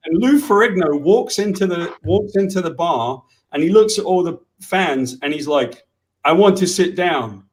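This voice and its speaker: A man's voice: high voice, animated, normal speed, hardly any pauses, rough recording. A man telling a story in casual chat, blunt and brash, swearing freely, on a video call. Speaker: comic book writer.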